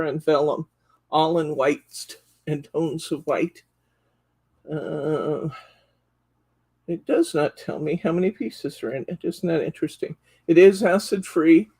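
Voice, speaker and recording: Husky-voiced woman gushing over craft products. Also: sits low, mellow. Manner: counts sheets aloud while flipping. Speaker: craft store host. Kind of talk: live product show-and-tell.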